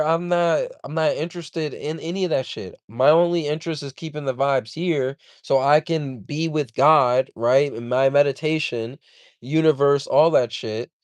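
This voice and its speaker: A livestream host vents, heated and profane, circling back over his complaints as he rambles. His smooth, resonant voice is medium-pitched and sounds close and dry, with no room sound.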